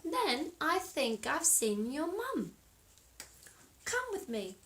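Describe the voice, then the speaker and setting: Woman doing a chirpy high butterfly. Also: big pitch swings, takes it slowly, fairly bright tone, heavily acted. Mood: eager. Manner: musing hums, sing-song rhymes. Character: helpful chirpy female butterfly, eager guide. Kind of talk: storybook read-aloud for children.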